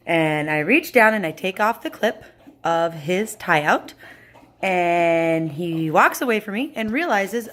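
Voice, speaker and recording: A woman telling a story to her camera at home, animated, acting out voices and sound effects. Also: on the low side, slow pace.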